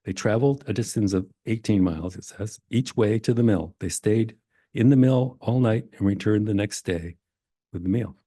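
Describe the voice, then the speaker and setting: An older man from Maine giving a relaxed genealogy talk in a library, reading old records aloud with self-deprecating asides. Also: on the low side, normal speed, husky, no room sound, clean studio sound. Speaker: genealogy presenter. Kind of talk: library presentation to a society audience. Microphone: presenter mic in a library meeting room.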